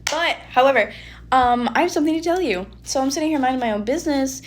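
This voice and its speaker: A young woman giving a casual spoken tarot reading, chatty and animated with lots of filler words. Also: high-pitched, fast. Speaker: tarot reader.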